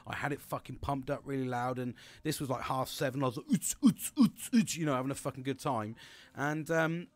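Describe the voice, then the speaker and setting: A man's voice: mid-range voice, steady tone, brisk, fairly bright tone, dry recording. A middle-aged man hosting a podcast, telling a personal story in a frank, rambling way and swearing constantly. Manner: frank and heavily profane, rambling with restarts. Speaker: podcast host.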